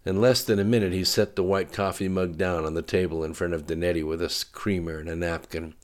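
Deep-voiced guy reading a story aloud, steady pace. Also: a little fast. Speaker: audiobook narrator. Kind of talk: scripted narration.

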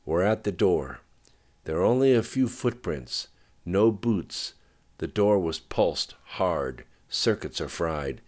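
A man doing a brisk male team leader, deep. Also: expressive, a little mellow, full character voice. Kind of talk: audiobook narration.

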